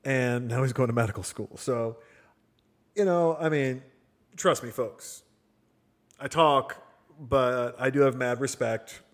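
Animated storytelling middle-aged man. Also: medium pitch, takes it slowly, long pauses. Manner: animated, acts out voices in anecdotes. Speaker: podcast host. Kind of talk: casual storytelling chat.

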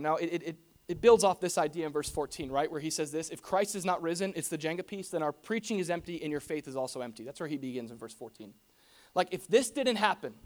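A pastor giving a conversational sermon to a congregation, animated and full of rhetorical questions and casual asides. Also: medium pitch. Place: church hall before a congregation.

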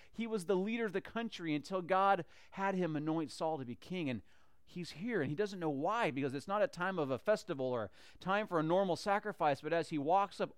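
A man retelling a Bible story in a lively, conversational way, often restarting phrases. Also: sits high, smooth, no echo, clean studio sound.

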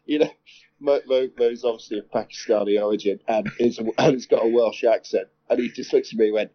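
A man's voice: on the low side, steady tone, brisk, no room sound. A man, co-hosting a casual podcast chat, telling a story with lots of laughter and the odd swear word. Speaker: podcast co-host. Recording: dull lo-fi sound.

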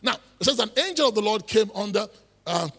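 A man's voice: high voice, animated, fairly quick, fairly bright tone, big-room sound. A man preaching a sermon, emphatic, repeating phrases and building into exhortation.

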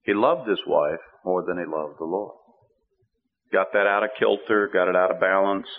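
A middle-aged man preaching a sermon, telling the story with animated delivery and acting out the characters' voices. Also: low-pitched, moderate pace. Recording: phone-like radio broadcast.

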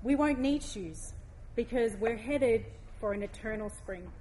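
A woman giving a heartfelt devotional talk, reading scripture aloud slowly and gently. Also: fairly high pitch, a little hiss or hum.

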